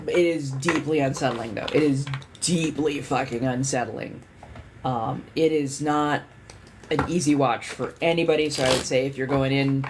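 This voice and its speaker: A woman's voice: rumbling low, noisy background. A woman hosting a livestream in casual chat. She rambles candidly, swears freely and leans on lots of fillers. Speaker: livestream host.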